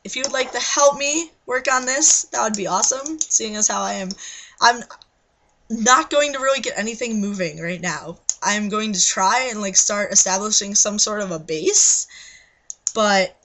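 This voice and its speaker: A woman's voice: mid-range voice, moderate pace, fairly bright tone, poor audio. A young adult woman in her bedroom at night, ranting into her webcam in a scattered, agitated way and swearing often. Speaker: vlogger. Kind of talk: rambling webcam rant.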